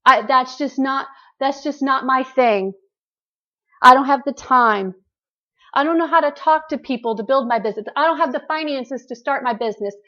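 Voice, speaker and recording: A woman with a fairly high voice delivers an earnest, preachy pep talk to listeners on a group call. Her voice comes through muffled, lo-fi call audio. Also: normal speed, pushed and bright. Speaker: motivational call host.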